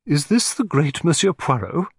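A man voicing a gentle, frail elderly woman who speaks in a low, charming, pleading way. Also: very animated, normal speed, gravelly, breathy edge, dry recording, clean studio sound, exaggerated voice.

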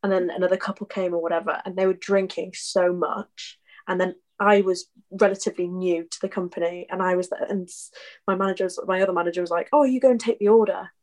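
A woman's voice: fairly low pitch, flat delivery, brisk. A young woman in her twenties, chatting casually on a podcast and rambling through anecdotes full of ums. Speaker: podcast co-host. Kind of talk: casual chat.

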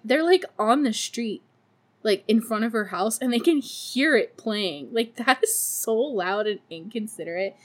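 A woman hosting a podcast, recapping a movie in casual chat with sarcastic, profane asides and frequent laughter. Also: a little high. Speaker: podcast host.

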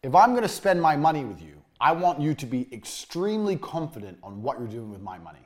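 Guy doing a business course lesson, blunt and sweary, keeps repeating stuff, trails off low at the ends. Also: sing-song, a little fast. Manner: blunt, swears, emphatic repetition. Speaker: course instructor.

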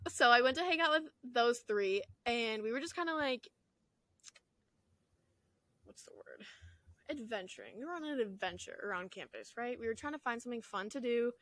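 A young woman in college co-hosting a casual podcast chat, animated and laughing, swearing freely. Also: on the high side, normal speed, no echo. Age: young adult. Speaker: podcast co-host.

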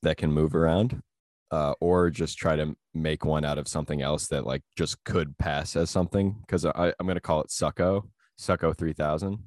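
A man's voice: rumbling low, steady tone, moderate pace, a little mellow, dry recording, studio quality. A man hosting a podcast, chatting loosely and crudely with lots of fillers. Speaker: podcast host. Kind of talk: casual crude comedy chat.

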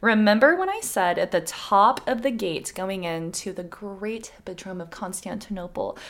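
A young woman tells a history story on a podcast in a loose, chatty way, with plenty of swearing. Her voice sits at a middle pitch. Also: expressive, moderate pace. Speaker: podcast co-host.

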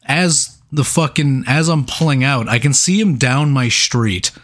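Man, podcast co-host, casual storytelling, swears a lot, mid-pitched voice. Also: measured pace. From New York. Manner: profane, animated anecdote with laughs.

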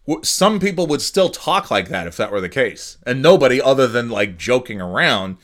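A man's voice: mid-range voice, normal speed. A middle-aged man rambling casually and jokingly on his own show, standing at a desk microphone indoors. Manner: rambling, joking, lively impressions. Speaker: vlogger. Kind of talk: casual solo rant.

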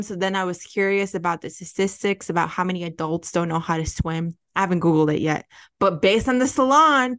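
A podcast co-host from the Chicago area, this woman tells stories animatedly in a fairly low voice, swearing freely and acting out the people she quotes. The casual chat is recorded in an apartment near a window.

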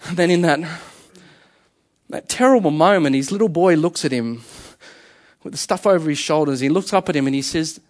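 A man's voice: on the high side, animated, normal speed. A man preaching a sermon, telling stories earnestly and animatedly with frequent restarts.

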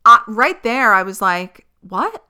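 A young woman hosts a podcast with a medium-pitched voice that is expressive, bright, forceful and clean, speaking a little slowly. In a casual monologue she tells a personal story candidly and with exasperation, swearing and laughing often.

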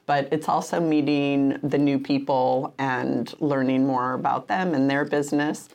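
A woman's voice: very deep voice, steady tone, unhurried, gravelly, a little mellow. A woman co-hosting a podcast in casual chat, chatty and storytelling, laughing easily. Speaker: podcast co-host.

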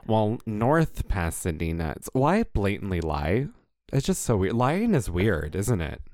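A man's voice: fairly low pitch, huge pitch swings, a little slow, a little mellow, dry recording. A man co-hosting a podcast in casual chat, a playful storyteller who likes to exaggerate. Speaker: podcast co-host.

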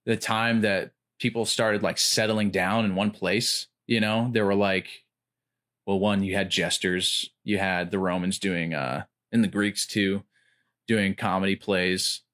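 A man chatting casually about comedy, rambling with lots of filler words and getting animated when he retells jokes. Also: sits low, a little slow. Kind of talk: casual chat.

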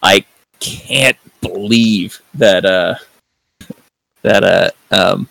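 A man's voice: deep voice, drawn-out words, gravelly, a bit bright, dry recording, low-quality recording. A man hosting a podcast in casual review chat, rambling with lots of fillers and free swearing. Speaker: podcast host.

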